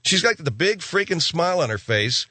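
Sarcastic radio guy rambling on air, bright voice that swings all over, dry close mic. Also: on the high side, very animated, moderate pace, no room sound. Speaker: radio talk show host. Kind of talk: talk radio monologue.

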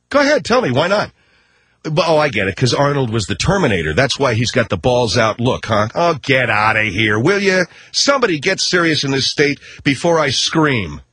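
Husky, sarcastic ranting talk host. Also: male voice, a little high, very animated, pushed and bright, dry recording. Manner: combative, sarcastic, rapid ranting. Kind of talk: ranting talk-radio commentary.

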